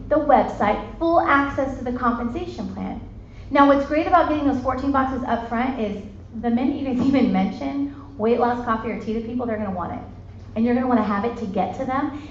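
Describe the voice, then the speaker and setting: A woman in her thirties giving a chatty, bubbly sales pitch to a live audience, calling them "you guys". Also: slight background noise. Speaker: sales presenter. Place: meeting room with an audience. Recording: echoey, dull lo-fi room recording.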